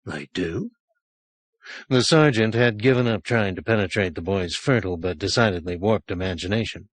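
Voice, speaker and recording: A man reading a horror short story aloud as an audiobook narrator, measured and expressive. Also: on the low side, no room sound. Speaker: audiobook reader.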